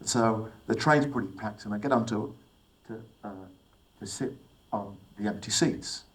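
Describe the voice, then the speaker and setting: With a fairly low pitch and a measured pace, a middle-aged English man addresses a young audience in a motivational talk. He tells personal stories and asks his listeners questions; the recording is low quality.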